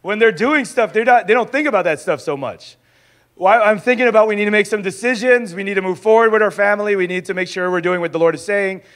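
A young adult man teaching in a sermon style, lively and acting out little dialogues as he goes. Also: high-pitched, fast. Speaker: pastor teaching a discipleship school.

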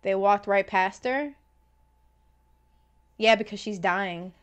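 A woman streaming a game live, reacting loudly, swearing and shouting at the screen. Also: medium pitch, slow pace, smooth. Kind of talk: live gameplay reaction commentary. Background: loud game music and sound effects.

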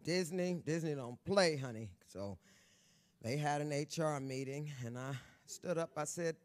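A woman in her sixties, a guest author telling stories on stage at a live event, brassy, bawdy and loud, laughing often and talking straight to the audience. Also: deep voice, a little slow. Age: 60s. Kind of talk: storytelling on stage.

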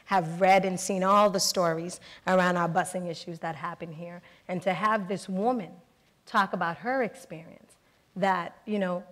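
A woman's voice: lowish voice, steady tone, fairly bright tone. A woman, a state senator earnestly telling personal stories in a panel discussion. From Boston, Massachusetts. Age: 40s. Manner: earnest storytelling, brisk. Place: public forum hall. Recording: echoey hall.

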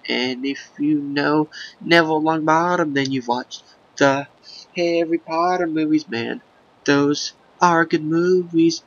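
A man doing casual, rambling video game commentary in a gravelly, goofy put-on voice, breaking into silly sing-song chants. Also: fairly high pitch, a bit bright, lo-fi sound. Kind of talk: casual let's-play commentary.

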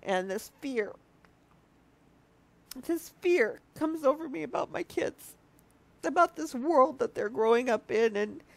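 A woman's voice: on the high side, creaky. A woman in her early fifties giving an earnest, confessional devotional talk to her viewers, teary and close to crying, often restarting her sentences. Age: 50s. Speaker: marriage ministry speaker.

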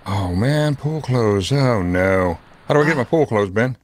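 Man, lowish voice, deadpan teasing, gaming co-host, dry close sound. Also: unhurried, no room sound. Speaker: co-host, the dad. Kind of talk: casual let's-play banter.

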